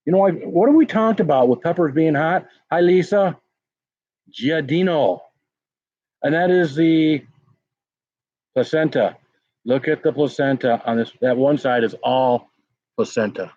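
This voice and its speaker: A man's voice: on the high side, a little slow, long pauses, darkish tone, no echo. A man hosting a casual pepper-tasting livestream, rambling and greeting viewers in chat by name. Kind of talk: casual live-stream chat. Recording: dull lo-fi sound.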